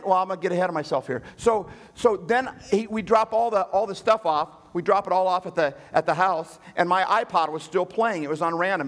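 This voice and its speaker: A man preaching a sermon, telling a personal story, animated and shifting between hushed quoted voices and raised pleading. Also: sits high. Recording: long hall reverb.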